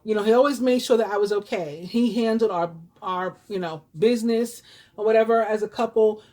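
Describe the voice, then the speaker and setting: A woman in her fifties with a New York accent, a tarot reader talking straight to her viewers. Her pitch sits in the middle and she rambles in a chatty way, with lots of fillers and restarts. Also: fairly quick, mellow. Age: 50s. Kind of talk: casual storytelling to viewers.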